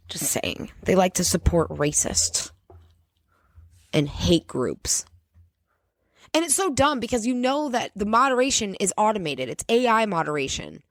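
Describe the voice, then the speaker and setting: A woman's voice: mid-range voice, no echo. A woman rants on her own podcast, swearing freely and laying on the sarcasm. Her voice sits in a middle range and is recorded dry and close, with no room sound. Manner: profane, sarcastic, animated ranting. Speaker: podcast host. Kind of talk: ranting solo podcast.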